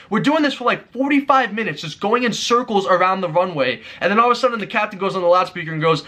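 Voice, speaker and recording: Fast, bright-voiced young man ranting. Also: animated. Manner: exasperated storytelling, rising to frantic highs. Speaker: YouTuber. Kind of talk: animated vlog rant.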